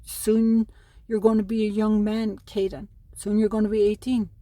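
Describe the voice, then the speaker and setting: Her mid-range, dark voice is flat and at normal speed, with no echo, as a middle-aged Irish woman at home in New Mexico pleads to camera about custody. Aggrieved and emotional, she addresses her sons directly.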